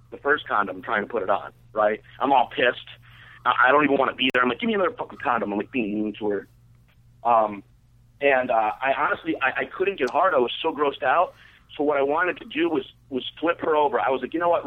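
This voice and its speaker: Man, casual crude storytelling, rambling with lots of fillers, mid-pitched voice, tinny phone-like radio sound. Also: a little fast. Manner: rambling, crude, full of "like" and restarts. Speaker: guest telling a story on a radio show.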